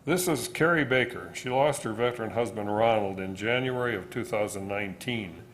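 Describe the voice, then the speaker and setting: A man's voice: fairly low pitch, moderate pace, a bit bright, a little hiss or hum. A man giving a plain, hesitant presentation at a city council meeting.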